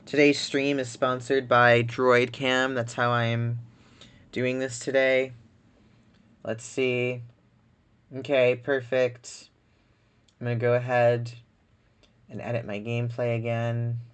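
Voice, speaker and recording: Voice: mid-range voice, flat delivery, slow pace, long pauses, smooth. A streamer giving casual, rambling gameplay commentary, chatty and full of "like". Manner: chatty and rambling, heavy use of "like".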